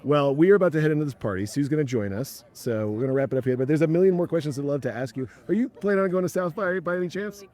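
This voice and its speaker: Mellow-voiced man co-hosting outdoors. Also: fairly high pitch, animated, racing, hardly any pauses. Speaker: podcast co-host. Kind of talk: casual outdoor chat. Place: outdoors on a city street in winter.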